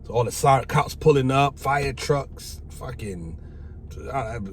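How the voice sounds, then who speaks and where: A middle-aged man casually telling a personal story, animated and profane. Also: mid-range voice, takes it slowly. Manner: animated, profane, acts out quoted voices. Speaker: vlogger telling his life story. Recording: faint background noise.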